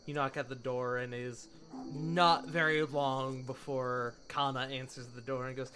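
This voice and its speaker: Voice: mid-range voice, level tone, moderate pace, a bit bright, slight background noise. A game master narrating a tabletop game in a casual, rambling way. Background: background music.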